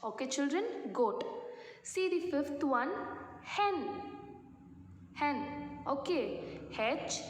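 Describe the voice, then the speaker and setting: A woman's voice: sits high, lively intonation, slight background noise. A woman teacher spelling out animal names letter by letter for young children, checking in with them often. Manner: slow, spells words letter by letter. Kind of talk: classroom lesson for young children. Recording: echoey room with long reverb.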